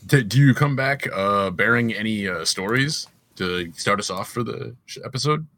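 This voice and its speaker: A man hosting a casual comedy podcast, animated and joking, with a husky voice. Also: lowish voice, normal speed. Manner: animated, laughing, jokey voices. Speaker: podcast host.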